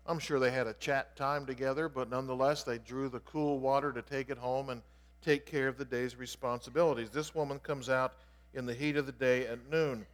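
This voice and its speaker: A man's voice: mid-range voice, fairly even intonation, a little fast. A man preaching an explanatory sermon in an earnest way, stressing key words as he teaches. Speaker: pastor. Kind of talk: expository sermon. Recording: long reverb of a large hall.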